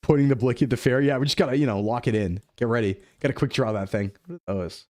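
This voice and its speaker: A young man chatting casually while streaming a game, playful and quick to drop into goofy voices. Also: medium pitch, darkish tone, no room sound. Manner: playful, jumps into goofy voices and dub impressions. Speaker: VTuber streamer. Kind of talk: casual gaming chat.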